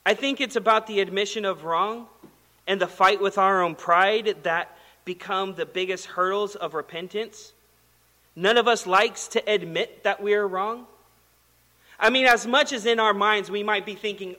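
Bright-voiced man preaching in a hall. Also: sits high, a little slow. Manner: conversational, animated storytelling with acted quotes. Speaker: pastor. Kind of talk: sermon.

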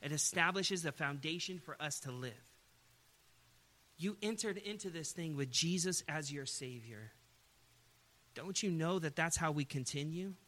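A man's voice: fairly high pitch, unhurried, bright, forceful tone. A man preaching a sermon in an emphatic way, often putting rhetorical questions to his listeners.

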